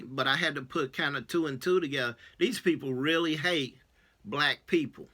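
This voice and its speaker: Casting note: male church elder, bright clear tone, loose storytelling with lots of uh's. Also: medium pitch, normal speed. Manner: casual, many fillers, acts out quoted dialogue. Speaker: religious elder. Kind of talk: personal testimony storytelling.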